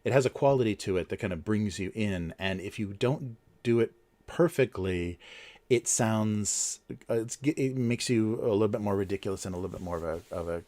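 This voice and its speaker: A man's voice: fairly low pitch, normal speed, dark tone. A man hosting a casual livestream, talking in a rambling way with many fillers and restarts. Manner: chuckles between points. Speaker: livestream host.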